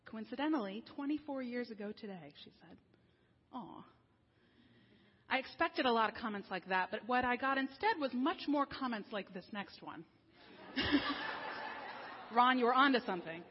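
A woman minister delivers a sermon in a breathy, slightly raised voice. Her tone is conversational and wry, and she eases into slower, weightier phrasing at the serious moments. The sound is dull and muffled, with a long reverb tail from a large hall. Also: on the high side, lively intonation.

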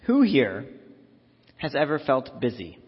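Reflective preacher in an echoing sanctuary. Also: male voice, mid-range voice, huge pitch swings, slow, breathy edge. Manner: reflective, repeats phrases for emphasis. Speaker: minister. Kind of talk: sermon. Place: church sanctuary. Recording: dull lo-fi audio in a reverberant sanctuary.

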